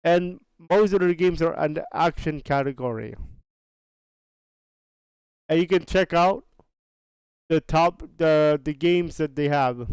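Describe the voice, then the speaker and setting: A man hosts a podcast, walking through sales numbers in a slow, easygoing, chatty way. His voice is fairly high and smooth. The sound is dry and a little dull. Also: a little mellow, dry recording. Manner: unhurried, chatty, restarts phrases, slangy asides. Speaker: podcast host. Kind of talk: casual podcast commentary on game sales data.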